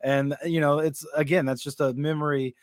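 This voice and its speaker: A man's voice: on the high side, flat delivery, moderate pace, no room sound, studio quality. A man co-hosting a podcast, talking in a laid-back, slangy way and swearing casually. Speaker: podcast co-host. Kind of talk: casual chat.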